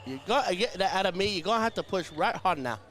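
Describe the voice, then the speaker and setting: An American man hamming up a blustery British fellow barking orders, clipped and mock-posh. The voice sits a touch high for a man. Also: animated, quick pace, fairly bright tone, soft background music. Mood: bossy.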